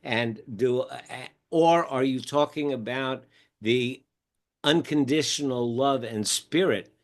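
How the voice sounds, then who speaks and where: An older man telling stories in a relaxed interview, acting out quoted conversations as he goes. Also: mid-range voice, takes it slowly. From United States. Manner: animated storyteller acting out quoted dialogue. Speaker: podcast guest, mindfulness teacher. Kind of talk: casual storytelling interview.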